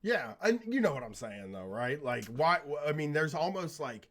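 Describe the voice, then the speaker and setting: A man's voice: fairly high pitch, big pitch swings, moderate pace, a bit bright. A young man hosting a casual talk show, swearing freely and mocking the people he talks about in quoted voices. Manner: profane, sarcastic, drops into mocking quoted voices. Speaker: podcast host. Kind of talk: casual chat, reading news aloud.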